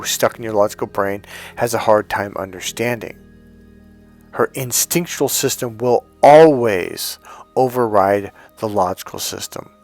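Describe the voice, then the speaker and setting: A man's voice: lowish voice, gravelly. A middle-aged man coaching on dating, telling stories bluntly, swearing freely and acting out both sides of conversations. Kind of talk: storytelling to camera.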